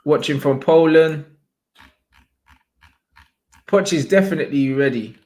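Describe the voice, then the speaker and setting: A man's voice: fairly high pitch, measured pace. Slangy young man, livestream host. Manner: slangy, animated, shouts out viewers. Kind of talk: casual livestream chat.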